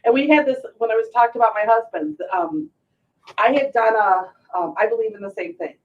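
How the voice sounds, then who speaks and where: A middle-aged woman host with a fairly high voice tells stories animatedly, acting out other people's lines. She sounds set back from the microphone, and the recording is muffled and dull. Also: fairly quick. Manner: animated storyteller, acts out quotes. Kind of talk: casual talk show chat. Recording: distant muffled mic.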